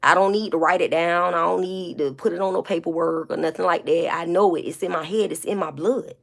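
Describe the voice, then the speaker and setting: A woman's voice: fairly low pitch, steady tone, a little fast, gravelly. A woman speaking in a candid, blunt confessional monologue to her viewers, emotional and holding back tears, with many repeats and fillers. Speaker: vlogger.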